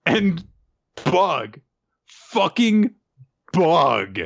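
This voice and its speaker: A man recapping a comic chapter in casual chat, animated, laughing and acting out quotes in comic voices. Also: high voice, drawn-out words, gravelly, dull audio. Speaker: podcast co-host.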